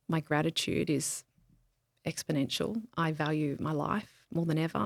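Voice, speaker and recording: A grieving woman speaking candidly as a podcast guest in a reflective interview, searching for words with pauses and restarts. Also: deep voice, gravelly, no room sound, studio quality.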